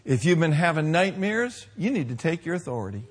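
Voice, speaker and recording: A male preacher delivering a sermon, stretching out key phrases and building to forceful declarations. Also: fairly high pitch, sing-song, slightly rough. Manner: emphatic, drawn-out declarations, rising to shouts.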